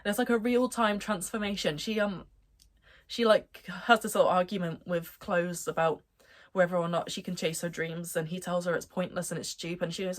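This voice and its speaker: Young adult woman reviewer, casual and gushing, mid-range pitch, loose rambling delivery. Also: fairly even intonation, fairly quick. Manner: rambling, enthusiastic, many fillers like "um" and "like". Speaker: anime reviewer. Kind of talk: casual chat.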